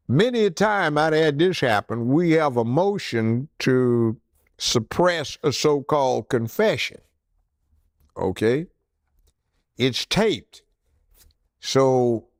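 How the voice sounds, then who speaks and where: An older man, a former judge, telling courtroom stories in an animated way and acting out the people in them. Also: mid-range voice, creaky, no room sound, studio quality. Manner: animated, acts out characters in his stories. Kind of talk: storytelling anecdote.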